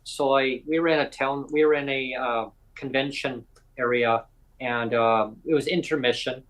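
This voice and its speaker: A man's voice: medium pitch, fairly even intonation, moderate pace, a bit bright, rough recording. A man from Canada co-hosting a live podcast, telling stories in a rambling way with many restarts. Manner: rambling storyteller, many restarts and acted quotes. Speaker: podcast co-host. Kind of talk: casual chat. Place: livestream from home.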